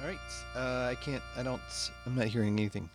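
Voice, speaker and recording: A man hosting a comedy podcast, playing an exasperated, deadpan straight man and reading a mock-motivational intro. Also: medium pitch, fast talker, over music. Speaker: podcast host.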